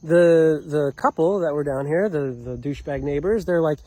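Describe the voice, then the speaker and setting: A man rambling through a personal story for his vlog, profane and full of fillers, acting out what people said and sometimes shouting. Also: fairly high pitch, normal speed, no room sound. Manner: animated, profane, many fillers and restarts; acts out quoted lines, sometimes shouting. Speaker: vlogger telling a personal story.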